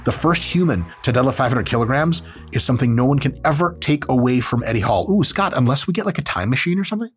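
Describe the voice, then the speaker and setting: A man's voice: mid-range voice, expressive, fast talker, few pauses, husky, soft background music. A man hosting a casual comedic video commentary as an exercise scientist, sarcastic, joking and swearing freely.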